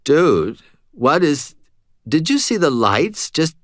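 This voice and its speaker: A man voicing a panicky, stoned young male store cashier, high-pitched and pleading. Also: big pitch swings, slow, dry recording, clean studio sound. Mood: confused.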